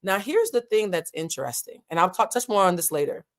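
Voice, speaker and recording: A woman's voice: lowish voice, expressive, brisk. A woman hosting a reality TV recap, chatting frankly in casual, slangy commentary. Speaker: host of a reality TV recap show.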